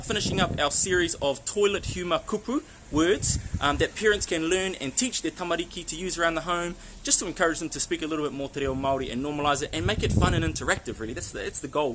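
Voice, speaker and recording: A man with a New Zealand accent giving a casual spoken lesson, friendly and chatty, slowing down on words for the listener to repeat. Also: fairly high pitch, background noise. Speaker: language teacher.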